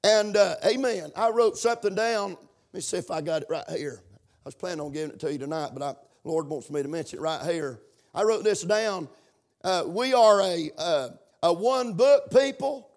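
A man's voice: high voice, moderate pace. A man preaching a sermon in a chanting, sing-song cadence, breaking in with amens.

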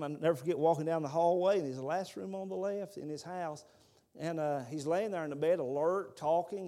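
A man's voice: on the high side, warm tone. A man, preaching a sermon as a fervent storyteller. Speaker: pastor.

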